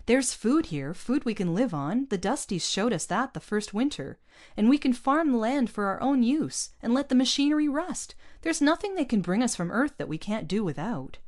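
A woman reading aloud, voicing an angry male colonist farmer who shouts his defiance in a raised, heated voice. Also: mid-range voice, normal speed, voice pushed up, natural voice. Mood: eager.

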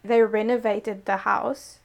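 A woman's voice: medium pitch, steady tone, slow pace, vocal fry. A woman telling a local ghost story in casual chat, breaking off to explain words. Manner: reads a story with laughing asides.

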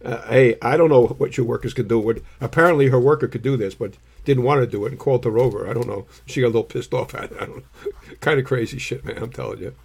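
A man's voice: mid-range voice, fast talker, creaky, darkish tone, husky. Middle-aged man, blunt storyteller, casual co-host. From New Jersey. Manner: blunt, storytelling, swears freely. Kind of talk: casual chat.

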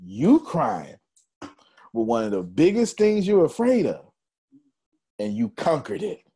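Husky man telling a story. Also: a little high, takes it slowly. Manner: animated, laughing storyteller addressing the crowd. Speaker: motivational speaker. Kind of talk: motivational storytelling speech.

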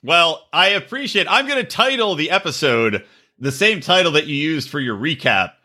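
A man co-hosting a podcast, swearing freely as he recaps a reality show with lively mimicry. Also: moderate pace. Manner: profane, animated storytelling with shrill mimicry. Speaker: podcast co-host. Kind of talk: crude casual chat, recapping a reality show.

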